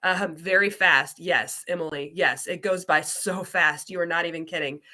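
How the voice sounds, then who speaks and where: Woman, light Southern American accent, bright clear tone, chatty exclamatory teacher, online class talk. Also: lowish voice, normal speed. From Southern United States. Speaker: ESL program coordinator.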